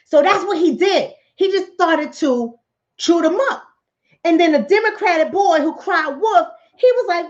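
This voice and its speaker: A woman tells a political fable on her own channel, jumping into character voices as she goes. Her voice sits high and swings widely in pitch. The recording is slightly dull and lo-fi. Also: unhurried. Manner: animated storyteller acting out characters' lines. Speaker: channel host, relationship coach. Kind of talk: political commentary told as a fable.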